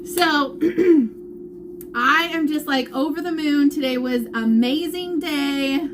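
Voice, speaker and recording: High-voiced, slow-talking woman. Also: noisy background. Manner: emotional, laughing and near tears while recounting. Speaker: vlogger updating viewers. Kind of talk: casual update to followers.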